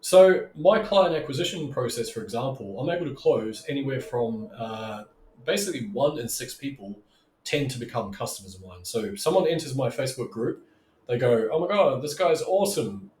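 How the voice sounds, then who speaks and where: A man's voice: mid-range voice, lively intonation, moderate pace, darkish tone, echoey room, a little hiss or hum, rough recording. A man coaching on online marketing in a loose, chatty monologue, often checking in with "right?" and acting out what customers might say. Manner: loose and chatty, keeps asking "right?", acts out customers' voices. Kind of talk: casual teaching monologue.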